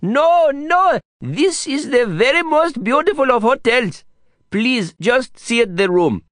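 A man voicing an excitable, eager small street guide, in a storybook reading. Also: extremely high pitch, slow pace, no echo, clean studio sound, pitched above the performer's own voice, exaggerated voice. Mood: pleading. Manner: pleading, eager, chattering.

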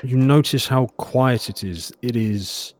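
A man running a tabletop horror game as game master, narrating in a measured, descriptive way with some hesitations. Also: medium pitch, a little mellow, no echo.

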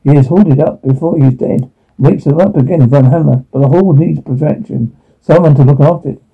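A man reading a drama's dialogue and sound captions aloud, halting and restarting often. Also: on the high side, gravelly, breathy edge. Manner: halting, with frequent restarts and stumbles. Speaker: reader voicing all parts of a TV drama with captions. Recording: tinny phone-like recording.

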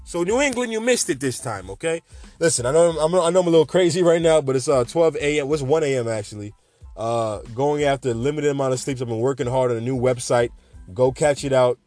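A man's voice: medium pitch, steady tone, quick pace, a little mellow, no room sound, soft background music. A man in his twenties hosting a podcast, rambling through a late-night rant in a jokey, sarcastic way. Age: 20s. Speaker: podcast host.

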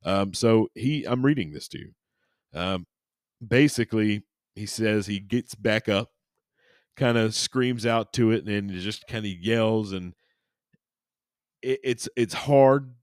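Brief: male podcast host, deep voice, dry close sound, rambly and jokey. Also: slow, pauses often, dry recording. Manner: rambling and jokey, with many restarts and crude asides. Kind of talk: casual chat and reading aloud.

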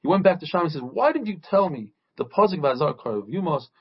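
A man giving a daily Talmud lesson, retelling its stories in a lively way and acting out the quoted speakers. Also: fairly high pitch, quick pace, slightly rough, dull audio. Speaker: Talmud teacher.

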